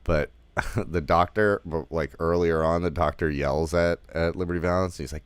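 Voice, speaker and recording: A man's voice: extremely low pitch, steady tone, normal speed, smooth, no room sound. A man giving a casual spoken film review, rambling with lots of fillers like "like" and "you know", and swearing now and then.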